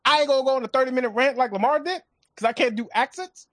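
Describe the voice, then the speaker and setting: A man bantering on a podcast in a loud, profane, mock-angry way. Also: extremely high pitch, quick pace, no echo.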